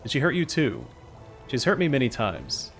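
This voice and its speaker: A man's voice: medium pitch, wildly swooping pitch, moderate pace, a bit bright, faint music behind. A man voicing a petulant female fecal demon queen who whines and boasts like a spoiled princess. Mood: petulant whining. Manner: whining, smug, self-pitying.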